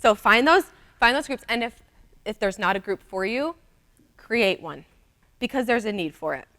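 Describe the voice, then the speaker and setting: A woman's voice: on the high side, expressive, moderate pace, a bit bright. A young woman giving a chatty, upbeat conference talk, speaking straight to the audience. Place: conference room.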